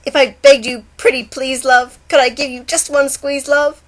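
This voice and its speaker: A woman's voice: little pitch movement, normal speed, a bit bright. A woman doing a lovesick pleading turtle. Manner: high, rising, pleading.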